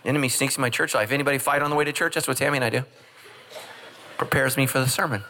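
Bright-voiced joking pastor. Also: male voice, medium pitch, steady tone, racing, a little hiss or hum. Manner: jokey, acts out quoted voices. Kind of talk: humorous sermon.

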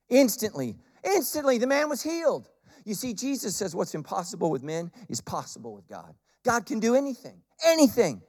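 A male pastor preaching a sermon, animated and humorous, swinging from loud bursts to quiet, intense asides. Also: a little high.

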